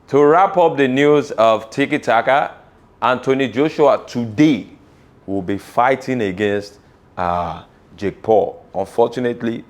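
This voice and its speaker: A man with a Nigerian accent presenting a comedic sports news segment, animated and teasing, slipping into Yoruba phrases. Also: on the low side.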